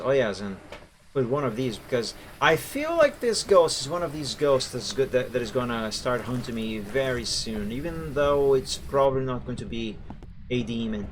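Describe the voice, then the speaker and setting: A man's voice: medium pitch, slight background noise. A man streaming a ghost-hunting game live, chatting with viewers and reacting as he plays. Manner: chatty, jumpy, talks to chat while playing. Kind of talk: live gameplay commentary.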